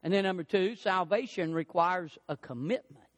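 Older male pastor, very high voice, emphatic preaching cadence. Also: normal speed. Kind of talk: sermon.

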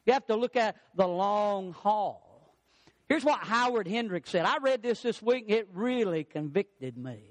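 A middle-aged male pastor preaching a sermon, swinging his pitch and pace for emphasis. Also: expressive, measured pace, no room sound.

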